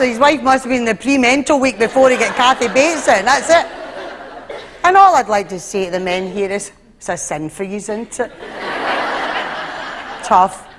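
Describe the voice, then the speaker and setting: High-voiced Scottish woman doing stand-up. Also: noisy background. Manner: animated, acting out voices in her routine. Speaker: stand-up comedian. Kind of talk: live stand-up comedy. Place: stage before a live audience. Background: audience laughter.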